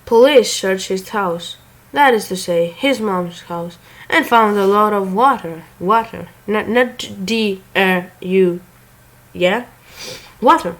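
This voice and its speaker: A woman's voice: medium pitch, slow pace, low-quality recording. A woman casually reading a revenge story aloud, often stumbling and correcting herself and breaking off for joking asides.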